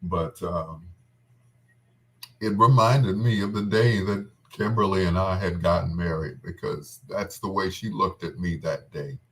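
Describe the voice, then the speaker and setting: In a low voice, a man fondly recalls a wedding, his casual talk heartfelt, tender and tearful. He speaks haltingly, with frequent restarts and pauses that trail off.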